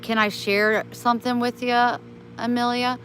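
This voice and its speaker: A woman's voice: a little high, flat delivery, normal speed, a bit bright, slight background noise, rough recording. A woman chatting on a casual live stream, talking kindly and motherly to her viewers and her pets.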